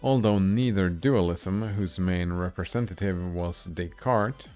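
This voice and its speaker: A man who reads a philosophy text aloud slowly and haltingly, adding small comments of his own, sounding tired. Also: low voice, a little mellow, soft background music. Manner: slow, halting reading with comments in between. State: tired, yawning. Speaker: streamer reading philosophy aloud. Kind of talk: reading a text aloud with asides.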